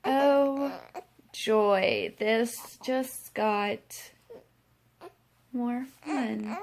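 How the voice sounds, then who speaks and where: A young woman vlogging from home, talking to camera in a tired, halting way with lots of fillers and yawns. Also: on the high side, vocal fry, slight background noise. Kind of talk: casual vlog talk to camera.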